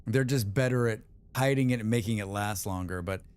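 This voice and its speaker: Streaming a game, this man talks on the low side at a fairly quick clip, his voice a little mellow and smooth. He keeps up casual chatter, responding to viewers' messages with rambling opinions.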